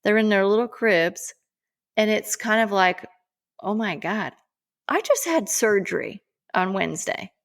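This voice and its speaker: A woman in her forties, a podcast co-host, telling a personal story in an emphatic, animated way. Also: mid-range voice, unhurried.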